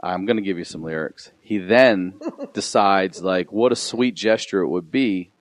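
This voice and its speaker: Low-voiced man telling a rambling story. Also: measured pace, dry recording. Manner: rambling, restarts, chuckles mid-story. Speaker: guest comedian. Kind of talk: casual storytelling chat.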